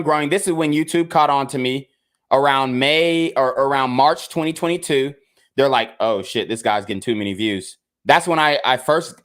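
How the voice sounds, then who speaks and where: A man's voice: a little high, fairly bright tone. A young man, a video creator, talking straight to his viewers in a frustrated, emphatic rant, repeating himself and swearing. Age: young adult. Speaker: content creator. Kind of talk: casual rant to camera.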